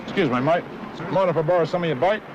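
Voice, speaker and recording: A man's voice: on the high side, quick pace, muffled recording, noisy background, close to an everyday voice. A man with an Australian accent, a cheerful, brash visitor in a comic lager advert.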